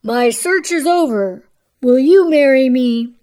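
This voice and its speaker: A woman's voice: high-pitched, animated, slow. A woman voicing an eager, earnest young prince in a bedtime story read on the radio.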